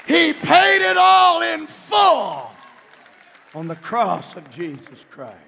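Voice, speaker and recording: A man preaching a sermon, telling stories dramatically and swinging from near whispers to shouts. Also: a little high, gravelly, husky, long reverb tail.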